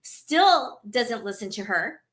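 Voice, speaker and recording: A woman hosting a podcast in casual chat, animated and laughing often. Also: on the high side, slow. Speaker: podcast host.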